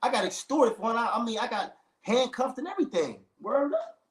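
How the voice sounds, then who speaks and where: Man, casual storyteller, high-ish voice, animated, slangy, echoey room. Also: fairly quick. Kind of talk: casual chat.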